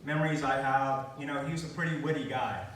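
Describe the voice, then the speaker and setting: A middle-aged man speaking at a memorial gathering, reminiscing with frequent pauses and fillers. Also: mid-range voice, a bit bright, slight background noise. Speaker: eulogy speaker. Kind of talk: memorial speech. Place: large room at a gathering. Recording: distant mic in echoey room.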